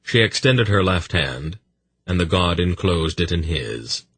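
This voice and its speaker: Deep, husky audiobook narrator. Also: male voice, expressive, measured pace, fairly bright tone, no room sound.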